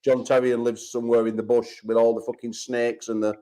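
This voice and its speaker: An English man hosts a rowdy call-in chat show with a middle-pitched voice. He swears freely and trash-talks with brash bravado. His delivery is loud and blunt. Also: little pitch movement, a little fast, poor audio. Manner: profane, brash trash talk. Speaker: host.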